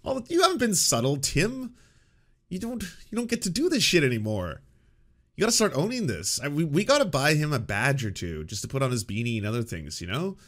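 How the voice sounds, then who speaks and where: A man's voice: fairly high pitch, sing-song, a little fast. A man hosting a commentary show, reacting to clips in a sarcastic, mocking and profane way.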